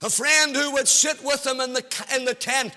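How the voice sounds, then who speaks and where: A man preaching a sermon in a measured, emphatic way, with sing-song rises and drawn-out phrases. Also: extremely high pitch, steady tone, bright, forceful tone, in a large hall.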